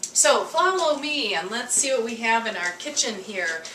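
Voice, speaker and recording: A woman's voice: fairly high pitch, expressive, normal speed, background noise. A woman dog trainer giving a chatty, upbeat home demonstration in her kitchen. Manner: chatty and upbeat, with frequent asides. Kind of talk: casual instructional demonstration. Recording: echoey room, distant mic.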